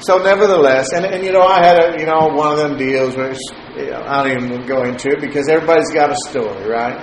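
A man gives a sermon testimony in a chatty, halting way, chuckling as he tells the story. His voice sits a little high. The room has a noticeable echo and there is faint background noise.

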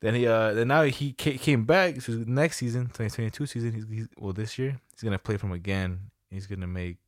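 Slangy low-voiced man, dry close mic. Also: fairly quick, no echo. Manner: loose, slangy and profane, tells stories with quoted dialogue. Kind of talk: casual chat.

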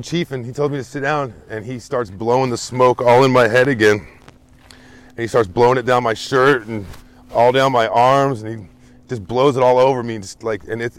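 A man casually telling a story to friends in an animated, profane, emphatic way. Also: mid-range voice. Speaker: storyteller in a group chat.

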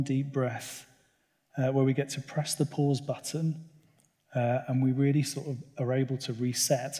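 A man's voice: mid-range voice, a little mellow. A man giving an earnest, personal sermon talk in a conversational way at a church gathering. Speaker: church speaker. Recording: long reverb of a large hall.

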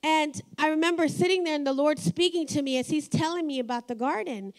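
A woman's voice: high-pitched, a little fast. A middle-aged woman pastor giving a sermon, telling personal stories and laughing often as she talks. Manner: warm storytelling, laughs often.

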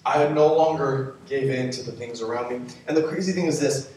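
A man's voice: medium pitch, a little fast, darkish tone, slight background noise. Young male youth pastor, playful preaching, far from the mic in a big echoey hall. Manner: playful, joking asides to the audience. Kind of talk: youth sermon with live demonstration.

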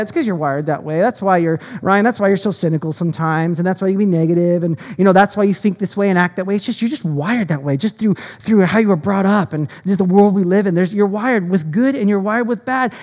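A pastor delivering a passionate sermon in quick, animated bursts and restarting sentences often. The voice has a mid pitch and carries a long reverb from a large hall.

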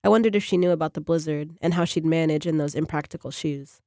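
A woman, a fiction writer, reading her own short story on a radio program in a measured, even way. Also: deep voice, no echo, clean studio sound.

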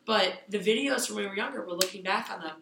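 A woman's voice: medium pitch, quick pace, gravelly, roomy sound, heavy background noise. A young woman in her twenties co-hosting a casual chat, telling rambling stories with lots of fillers. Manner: rambling storyteller, many fillers. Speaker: podcast co-host.

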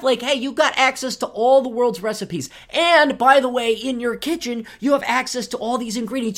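At normal speed, with a slightly bright voice and hardly any pauses, the male host reads an article aloud and skewers it with sarcasm. His mocking tone climbs high in moments of indignation.

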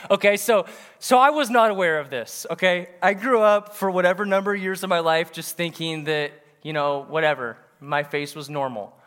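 High bright-voiced male preacher in a reverberant hall. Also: normal speed. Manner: animated, punchy, with bursts of laughter. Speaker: pastor. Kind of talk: sermon.

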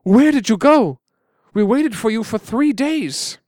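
Man voicing a heartfelt father; animated delivery, dry close sound. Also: extremely high pitch, measured pace, no room sound, pitched above the performer's own voice. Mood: relieved. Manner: emotional, heartfelt. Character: relieved, proud middle-aged father.

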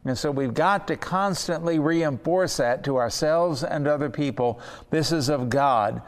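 A man teaching a Bible study lesson in an earnest way, slowing down to stress key words. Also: fairly high pitch, in a large hall.

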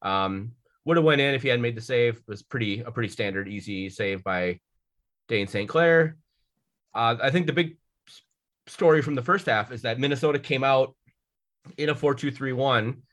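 A man's voice: medium pitch, normal speed, fairly bright tone. A man in his thirties hosting a casual sports podcast, rambling through match recaps with frequent restarts and swearing. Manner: rambling, profane, self-correcting. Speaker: podcast host.

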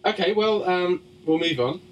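A man's voice: high-pitched, moderate pace, far from the mic, muffled recording, slight background noise. Hesitant male co-host with many ums. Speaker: podcast co-host. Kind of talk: casual chat.

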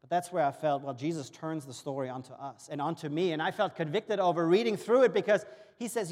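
German-born pastor, earnest sermon delivery, higher voice, reverberant hall sound. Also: male voice, brisk, a little mellow. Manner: storytelling with acted-out dialogue, earnest. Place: church auditorium. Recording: long reverb of a church hall.

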